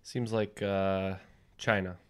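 A man's voice: deep voice, little pitch movement, slow, clean tone. A man playing in a casual trivia game, answering and making dry, wry remarks. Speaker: quiz contestant.

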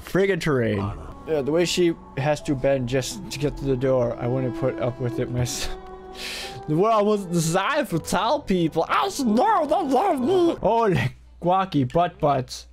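Tired, animated male game streamer. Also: a little high, measured pace, over music. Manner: playful, laughs often, swaps swears for frick and freaking. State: tired and losing his voice. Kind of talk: casual live-stream commentary.

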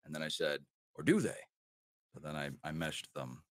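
A man with a light Wisconsin accent, a former radio host, guests on a casual podcast, telling rambling, self-deprecating stories full of restarts. His voice is extremely low and expressive at normal speed, recorded at studio quality with no room sound.

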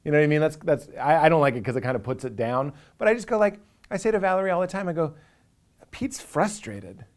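A man's voice: fairly high pitch, very fast. A man, a comedian talking earnestly and with animation in a reflective interview, now and then acting out inner voices for a laugh.

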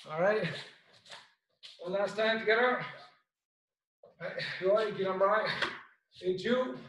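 An Irish man teaching a karate class over a video call, calling out commands and counts with brisk shouted cues. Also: high voice, highs cut off. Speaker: karate instructor. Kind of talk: online class instruction. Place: home room on video call. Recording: very echoey room, voice far from mic.

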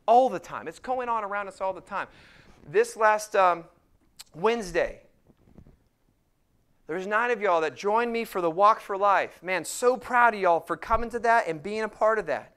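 Smooth-voiced man preaching a sermon. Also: high voice, a bit bright. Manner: preaching with emphatic, slowed scripture quotes. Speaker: pastor.

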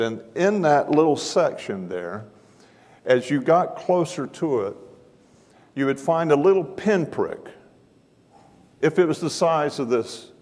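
A man's voice: fairly high pitch, a little mellow. A man preaching a sermon in a large church auditorium, folksy and self-deprecating in manner. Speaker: guest preacher. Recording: long hall reverb.

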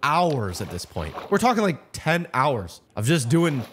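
A man narrating a game video voiceover with a lively, bouncing pitch. He rambles off script and argues with himself as he goes. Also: measured pace, a little hiss or hum. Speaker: video host.

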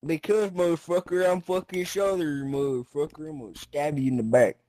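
A man's voice: a little high, steady tone, a little fast, dark tone, no echo. A man gaming with friends, goofy and mock-threatening, swearing playfully. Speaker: gamer. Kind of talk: casual gaming chatter.

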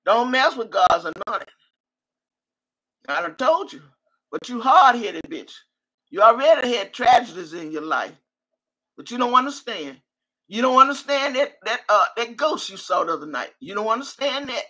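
A woman's voice: a little high, sing-song, moderate pace, bright, forceful tone. An older woman on a live stream, cursing and trash-talking while she reads out viewer names. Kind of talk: profane live-stream rant.

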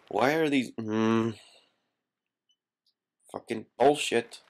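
A man's voice: sits low, big pitch swings, takes it slowly, gravelly. A young man giving casual gameplay commentary, swearing constantly and yelping in frustration.

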